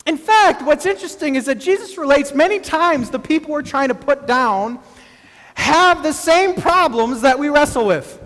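A male pastor with a very high voice delivers a sermon to a congregation. He speaks conversationally, throwing in asides and quick acted-out quotes. The sound carries the long reverb of a large church hall. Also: expressive, a bit bright. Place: church sanctuary.

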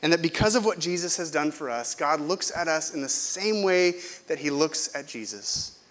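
A man's voice: on the high side, expressive, moderate pace, a bit bright. A middle-aged male pastor from California preaching a sermon in a conversational, self-deprecating way, often asking the congregation questions.

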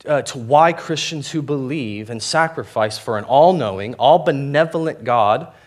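A man's voice: medium pitch, expressive, normal speed. Young man, pastor, conversational sermon, fillers and restarts, frank and self-mocking. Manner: candid, self-deprecating, full of fillers and restarts.

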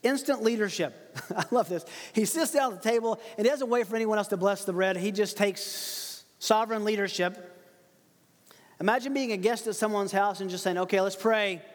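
A high-pitched man preaching through a passage with lively emphasis and frequent laughter. His voice rings with the long reverb of a large hall. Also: normal speed. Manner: animated, laughs often, emphatic quotes. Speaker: pastor. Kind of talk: expository sermon.

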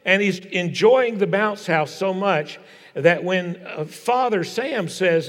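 An older man preaching a sermon in a large church. He tells family stories in a folksy way and drops to a hush for emphasis. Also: high voice, lively intonation, takes it slowly. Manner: folksy storytelling, dropping to a hushed tone for emphasis. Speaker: pastor. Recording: long reverb of a large hall.

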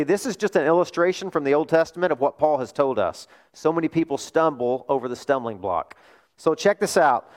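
A male pastor preaching a sermon, telling a story in an animated way and asking rhetorical questions. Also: on the high side.

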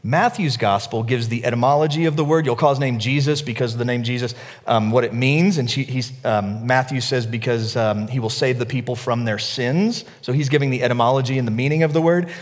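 A middle-aged male pastor preaching a sermon, telling stories with energy, dropping to a hush and then rising to near shouts. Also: mid-range voice, a little fast, in a large hall. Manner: storytelling, animated, swings from hushed to near-shouting.

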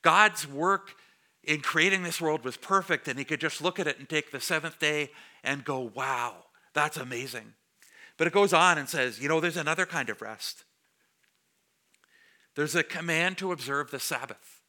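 A man's voice: a little high, moderate pace, bright, forceful tone. A man preaching a sermon to a congregation as their pastor, speaking in a conversational way and joking with the listeners. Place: church before a congregation.

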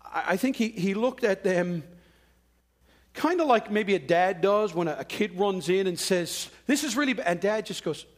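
Male preacher, high-pitched, chatty sermon delivery with acted-out quotes. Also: unhurried. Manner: conversational preaching with dramatic quoted voices. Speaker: pastor.

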